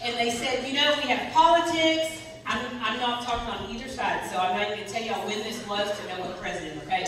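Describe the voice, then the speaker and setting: Animated woman in an echoey sanctuary. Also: mid-range voice, fast talker, hardly any pauses, crowd noise. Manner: animated, directs children aloud. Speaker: children's ministry leader. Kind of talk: lively children's message in a church service. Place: church sanctuary. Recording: echoey hall, distant mic, background noise.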